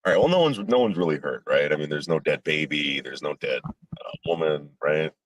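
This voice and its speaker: A man with a low voice hosts a laid-back livestream chat. He rambles through hedges and restarts, swears without a second thought, and his pitch rises and falls a lot. The sound is dry and close. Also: animated, a little fast, dry recording. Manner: rambling, hedging with fillers and restarts; blunt, swears casually. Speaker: podcast host.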